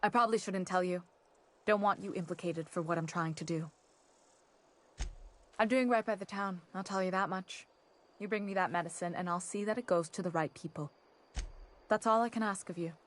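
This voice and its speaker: A woman's voice: fairly low pitch, moderate pace, long pauses, a bit bright, natural voice. A woman voicing a secretive townswoman in a video game, speaking in a guarded, confiding way.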